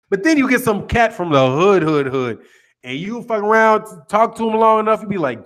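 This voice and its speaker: A man's voice: high voice, normal speed. An American man hosting a boxing channel, chatting casually and reading viewer comments in a joking, profane way. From United States. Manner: profane, joking, lively with laughs.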